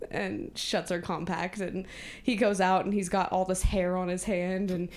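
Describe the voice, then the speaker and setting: A woman's voice: on the low side, little pitch movement, moderate pace. A woman co-hosting a podcast, retelling a movie plot in casual chat, acting out the characters' lines and laughing often. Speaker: podcast co-host.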